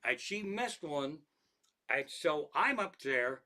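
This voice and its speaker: Brief: male comic spinning swear-heavy, rambling home stories in a bright, slightly high voice. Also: slow pace. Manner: profane, rambling, lots of restarts, animated. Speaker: comedian. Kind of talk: stand-up style storytelling monologue.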